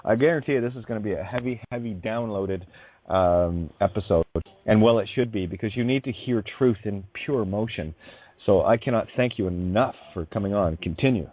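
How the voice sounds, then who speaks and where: A man's voice: on the low side, brisk. Effusive man hosting over a tinny line. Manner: effusive, calls guest honey, rambling. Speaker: radio show host. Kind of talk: spiritual talk radio chat. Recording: dry tinny phone-like line.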